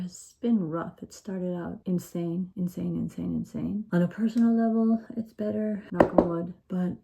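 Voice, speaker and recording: A woman talking to camera in an easygoing vlog, rambling from one thought to the next and laughing often. Her voice is mellow and soft-toned, with a gravelly fry running through it. She sits at an ordinary middle pitch. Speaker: vlogger. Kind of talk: casual vlog talk to camera.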